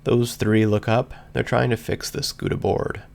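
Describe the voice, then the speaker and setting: Gravelly man reading a story aloud. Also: medium pitch, level tone, normal speed, a little mellow. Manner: earnest, emotional first-person reading. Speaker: reader. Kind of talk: scripted fan fiction narration.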